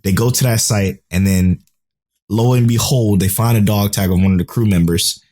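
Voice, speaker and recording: A young man co-hosting a podcast, recapping episodes in an excitable, casual way with some swearing. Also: lowish voice, normal speed. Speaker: podcast co-host. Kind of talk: casual chat.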